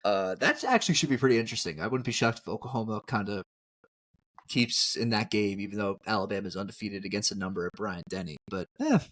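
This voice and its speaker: A man co-hosting a casual sports podcast, animated and quick to laugh, often talking over his partner. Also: fairly low pitch. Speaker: podcast co-host.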